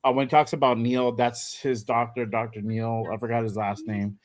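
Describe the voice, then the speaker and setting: A man hosts a laid-back sports talk podcast at a middle pitch. He rambles in a relaxed way and uses lots of "um" and "like.". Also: moderate pace, a crowd in the background. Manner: relaxed, rambling, frequent fillers. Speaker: podcast host.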